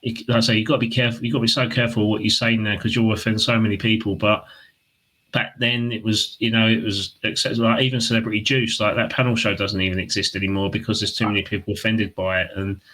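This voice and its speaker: Relaxed man retelling comedy bits. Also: lowish voice, quick pace, poor audio. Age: 30s. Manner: relaxed, retells comedy scenes in put-on voices. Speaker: podcast co-host. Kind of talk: casual chat.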